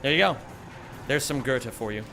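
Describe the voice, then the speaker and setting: A man live-streaming, joking and bantering with his viewers in casual chat, swearing freely and answering them quickly. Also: medium pitch, expressive, gravelly, over music. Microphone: streaming microphone.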